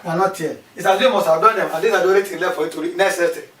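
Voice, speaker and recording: A man's voice: high-pitched, steady tone, rapid-fire, a bit bright. A man teaching a maths class, repeating key terms and asking questions aloud. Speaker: mathematics teacher. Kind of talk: classroom lesson. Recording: echoey room from far off with faint background noise.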